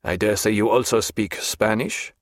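A man doing a cold, measured interrogating major. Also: fairly low pitch, fairly even intonation, dry recording, clean studio sound, close to an everyday voice. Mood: stern. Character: stern interrogating army major, middle-aged man.

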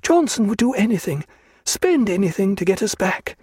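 A man's voice: high voice, sing-song, moderate pace, a little mellow, husky, no room sound, studio quality, pitched above the performer's own voice, exaggerated voice. A man voicing an anxious, defiant aristocratic woman who mutters agitated outbursts from her sickbed, in a storybook reading. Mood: fierce, fearful.

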